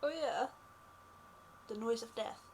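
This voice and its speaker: A woman's voice: on the high side, takes it slowly, a little mellow, breathy edge. A young woman in casual chat, joking and laughing while trying animal noises with a friend. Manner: laughing, silly, teasing. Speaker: vlog co-host.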